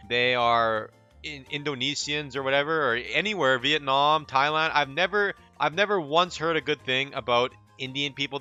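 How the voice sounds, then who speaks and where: A man's voice: mid-range voice, bright, forceful tone, lo-fi sound. A man giving casual ranting commentary in a blunt, profane way, often restarting his sentences. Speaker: commentary channel host.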